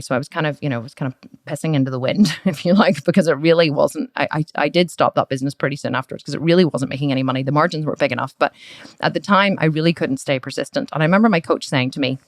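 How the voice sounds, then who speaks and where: Frank, lively woman podcast host. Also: low-pitched, no room sound, clean studio sound. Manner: lively, frank, acts out past conversations. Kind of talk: casual storytelling monologue.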